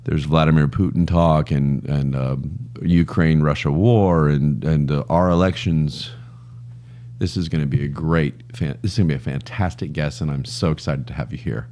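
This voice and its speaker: A man's voice: rumbling low, moderate pace, dark tone. A man co-hosting a podcast in casual banter, joking and poking fun at himself. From Scotland. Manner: joking, self-deprecating storyteller. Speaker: podcast co-host. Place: studio.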